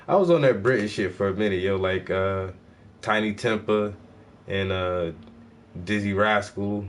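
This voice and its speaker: Laid-back deep-voiced man, slangy. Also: normal speed. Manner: laid-back slangy talk, lots of "bro" and "yo". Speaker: livestreaming painter. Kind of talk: casual livestream chat.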